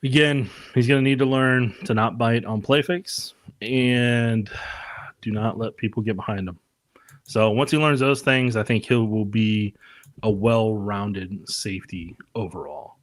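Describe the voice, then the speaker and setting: A man's voice: lowish voice, a little slow, no echo. A man co-hosting a casual sports podcast, talking loosely and laughing often between points. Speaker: podcast co-host.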